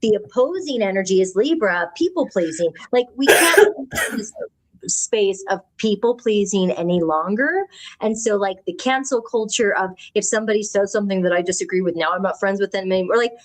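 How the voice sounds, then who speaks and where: A woman hosting a casual spiritual chat, speaking earnestly and reflectively and often pausing to find her words. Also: mid-range voice, animated, low-quality recording. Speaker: podcast host.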